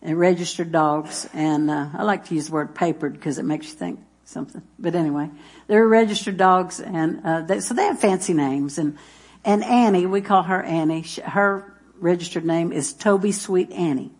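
A woman's voice: fairly low pitch, normal speed, darkish tone, breathy edge. A woman preaching in a church, chatty and folksy, telling homey stories and reading scripture between laughs. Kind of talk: sermon with jokes and scripture reading.

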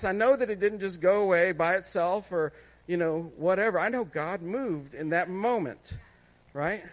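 A middle-aged man preaching a testimony sermon in a conversational way, often laughing and checking in with listeners. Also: high-pitched.

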